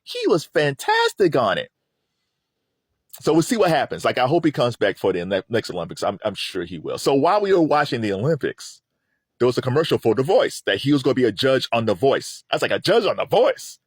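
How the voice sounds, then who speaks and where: A middle-aged man hosting a casual pop-culture commentary, animated and rambling, laughing often. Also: medium pitch, a little fast, husky, no room sound, clean studio sound. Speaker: host.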